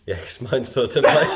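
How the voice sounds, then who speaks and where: A man co-hosting a casual youth-group video, joking and punning in a dry way. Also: on the high side. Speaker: co-host. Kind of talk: casual chat.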